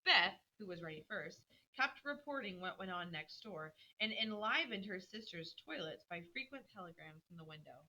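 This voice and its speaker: A woman's voice: medium pitch, animated, moderate pace, hardly any pauses, pushed and bright, rough recording. A woman teacher reading a novel aloud to her class, stopping to explain and quiz the students. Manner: explains and quizzes students between passages.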